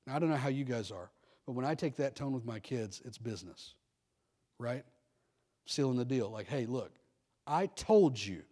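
A man's voice: mid-range voice, normal speed, pauses often, darkish tone. A middle-aged male pastor preaching a sermon, telling candid personal stories and calling for amens. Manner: preaching with call-and-response amens, candid storytelling.

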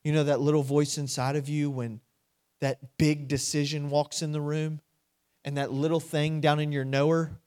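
A man's voice: fairly high pitch, flat delivery, moderate pace. Emphatic, dynamic male preacher. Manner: dynamic, swings from hushed to loud and emphatic; asks the audience direct questions. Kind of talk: sermon.

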